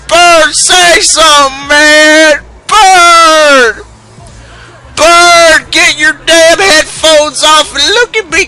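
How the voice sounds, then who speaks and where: A gamer puts on the voice of a giddy older male comedian, commenting on gameplay while coughing, rambling, cursing, and scat-singing nonsense. The full character voice is extremely high-pitched, bright, forceful, and gravelly, with coughing fits, and the recording quality is low.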